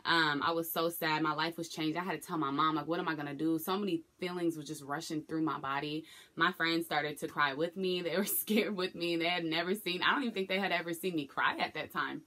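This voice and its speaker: A woman's voice: low-pitched, steady tone, a little fast, bright, forceful tone. A young woman telling a personal story to the camera, candid and emotional, acting out what people said. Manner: candid, emotional retelling with acted quotes. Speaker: vlogger.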